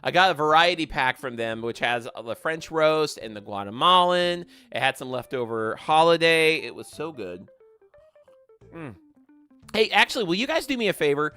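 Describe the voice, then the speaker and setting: A man hosting a gaming livestream, chatting casually and warmly thanking viewers by name as he reads their comments. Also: on the high side, sing-song, normal speed, clear, resonant tone, faint music behind. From American South.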